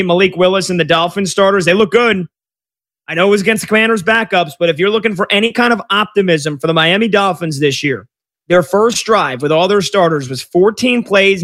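A man's voice: high voice, fairly bright tone. A man hosting a sports radio show, chatting energetically and joking with his producers.

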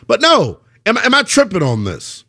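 A man hosting a sports talk radio show, arguing his takes with rhetorical questions and an animated delivery. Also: high voice, moderate pace, husky.

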